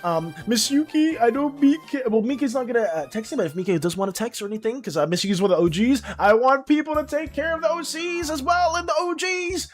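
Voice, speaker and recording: A woman streamer chatting casually with her viewers. She often trips over her words and is quick to apologize. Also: high-pitched, faint music behind. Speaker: art streamer.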